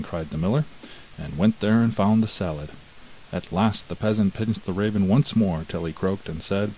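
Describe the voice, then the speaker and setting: A man narrating a fairy tale from a script in a measured, even way. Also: deep voice, slight background noise, poor audio. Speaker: storyteller.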